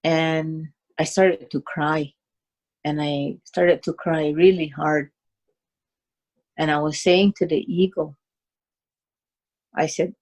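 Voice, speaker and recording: A woman telling a personal story in a halting, unhurried way, with many fillers and restarts. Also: deep voice, fairly even intonation, darkish tone. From Cayuga Nation, Six Nations of the Grand River, Canada.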